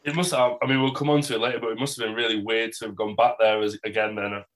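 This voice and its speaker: A man's voice: fairly low pitch, little pitch movement, racing, fairly bright tone. A man, a podcast host chipping in with brief, friendly comments.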